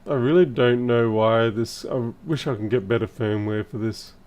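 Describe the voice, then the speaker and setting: A man thinking aloud in casual live-stream commentary as he repairs electronics, his voice a little hoarse and wavering. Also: medium pitch, steady tone, normal speed, a little mellow. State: slightly hoarse. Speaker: repair technician livestreaming.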